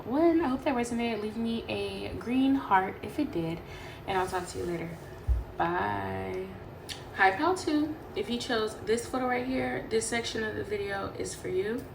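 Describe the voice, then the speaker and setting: A young woman from Sacramento runs a casual tarot reading straight to camera, swearing freely and rambling in an animated way. Her voice sits at a middle pitch. The room is echoey, with a faint hum of ambience behind her. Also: vocal fry. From Sacramento, California. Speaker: tarot reader.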